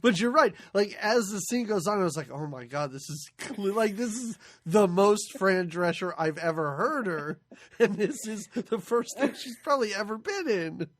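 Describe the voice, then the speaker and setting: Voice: mid-range voice, animated, normal speed, dry recording. Wry podcast co-host, dry close sound. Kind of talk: casual movie chat.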